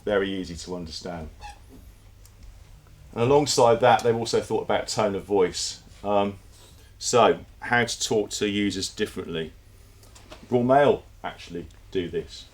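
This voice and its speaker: Low-voiced man giving a talk. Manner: conversational, with fillers and repeated words. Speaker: conference speaker. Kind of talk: presentation talk. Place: conference room with audience.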